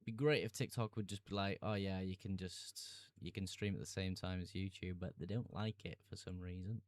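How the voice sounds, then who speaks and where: A man's voice: deep voice, fairly even intonation, fairly quick, dry recording. A young man streaming live, chatting casually, laughing easily, and answering viewer comments about fantasy football picks.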